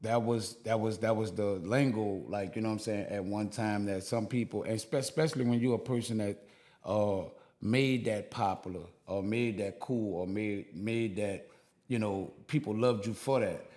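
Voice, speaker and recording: A podcast co-host with a New Orleans accent muses reflectively in casual chat, rambling through lots of fillers and restarts. His voice is on the low side, a little mellow, steady in tone, and moderately paced.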